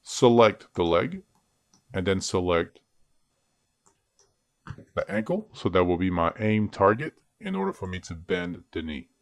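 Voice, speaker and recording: A man's voice: low voice, lively intonation, measured pace, long pauses, no room sound, clean studio sound. A man teaching 3D character rigging in a screen-recorded tutorial, chatty and joking at himself as he works. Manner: chatty, self-joking asides. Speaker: 3D rigging instructor.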